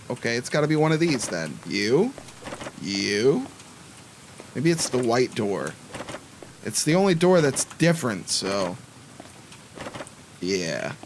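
A man's voice: fairly high pitch, a little hiss or hum. A young man giving chatty, jumpy commentary to himself while playing a horror game. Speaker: gameplay commentator. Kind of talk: let's play commentary. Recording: faint music behind the voice.

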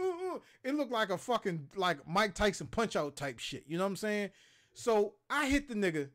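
Man telling stories, lively and profane, acts out quotes, fairly high voice. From Maryland, US. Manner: animated, profane, acts out quotes and sound effects. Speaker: show host telling stories. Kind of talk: casual storytelling chat.

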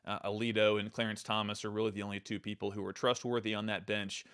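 A man's voice: lowish voice, little pitch movement, fast talker, fairly bright tone, clear, resonant tone. A man hosting his own show, talking through political commentary in an emphatic, loose way, often restarting and repeating words. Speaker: podcast host.

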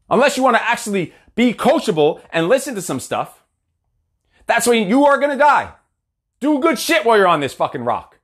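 A man's voice: high-pitched, big pitch swings, fairly quick, a bit bright. A man in his forties, a coach giving a blunt, profane, fired-up motivational talk. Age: 40s. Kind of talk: motivational monologue.

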